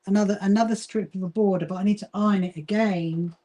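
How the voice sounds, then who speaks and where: A woman from Brighton, England, with a southern English accent, chatting casually on a livestream while she sews and greets viewers by name. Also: medium pitch, steady tone, fast talker. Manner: chatty, reads and greets viewer comments, frequent fillers and laughs. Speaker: livestream host, quilting association founder.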